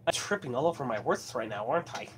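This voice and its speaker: A man's voice: mid-range voice, lively intonation, fast talker, noisy background. A man from Colorado chatting casually as host of his livestream, rambling and laughing often. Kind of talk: casual chat.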